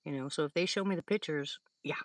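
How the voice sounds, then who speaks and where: Her voice sits low and moves at a quick pace, with no echo. An older woman hosting a live stream, she rambles through stories in casual conversation with viewers and laughs frequently.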